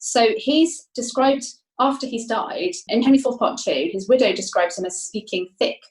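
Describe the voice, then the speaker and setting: An academic woman guest talks through her ideas thoughtfully, restarting phrases as she goes. Her voice is slightly high, and the recording sounds roomy and echoey. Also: normal speed. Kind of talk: explanatory interview talk.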